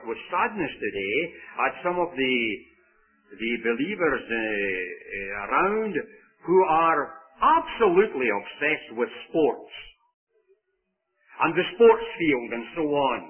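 A man's voice: mid-range voice, big pitch swings, slow. A man preaching a sermon in an earnest, conversational way, telling stories to make his points. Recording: tinny phone-like radio broadcast.

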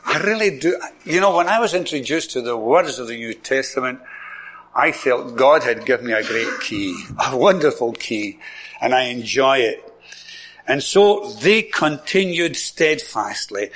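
Lively, slow-paced Scottish preacher man. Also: mid-range voice. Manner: enthusiastic, repeats words for emphasis, chuckles often. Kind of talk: sermon.

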